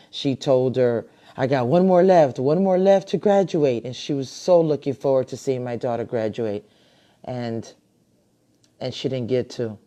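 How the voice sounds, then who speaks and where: A middle-aged woman and grandmother hosting a casual live video chat from her computer, talking in a chatty, warm-hearted way with many fillers and restarts. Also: rumbling low. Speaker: host. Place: home, at a computer. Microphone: computer mic on a live video call.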